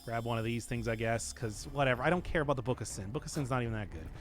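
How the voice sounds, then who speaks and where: A man's voice: mid-range voice, very fast, faint music behind. A man streaming a video game, chatting in a jokey, rambling way with his viewers. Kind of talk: casual gaming stream chat.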